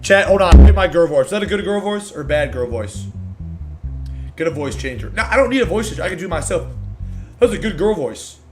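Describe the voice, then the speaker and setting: Male streamer, slangy and profane, excitable, fairly high voice, faint guitar music behind. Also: fast. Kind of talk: casual gameplay commentary.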